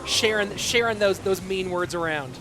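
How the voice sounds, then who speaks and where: A high-voiced American man speaks at normal speed against a noisy background while casting a live video game tournament. As an esports caster, he fills the gaps between plays with chat banter, reading and answering viewer messages.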